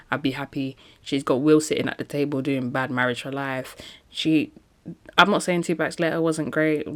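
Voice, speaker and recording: A woman talking casually in a solo podcast, chatty and emphatic, often laughing between points. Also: low-pitched. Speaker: podcast host.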